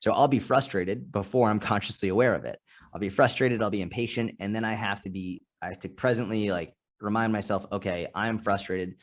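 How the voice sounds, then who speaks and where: A man's voice: lowish voice, brisk. A man in his thirties in a casual interview, telling stories with lots of restarts and acting out the voices he quotes. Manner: animated storytelling, acts out quoted voices, frequent restarts. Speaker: podcast guest, strength and nutrition coach.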